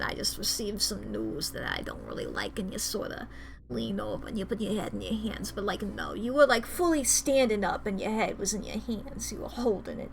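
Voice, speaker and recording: High-voiced woman streamer rambling playfully. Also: a bit bright, slight background noise. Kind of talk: casual gameplay commentary.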